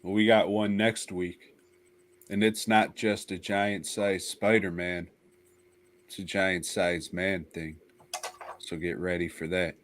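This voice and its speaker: A man's voice: sits low, flat delivery, a bit bright, slight background noise. A man co-hosting a podcast in casual chat, joking wryly and drawing out his words. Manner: wry, drawn-out joking. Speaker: podcast co-host.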